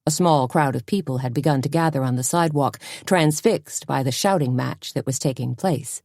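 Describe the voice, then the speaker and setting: Low mellow lady reading a mystery audiobook, dry close mic. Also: moderate pace, dry recording. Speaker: audiobook narrator. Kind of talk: scripted mystery narration.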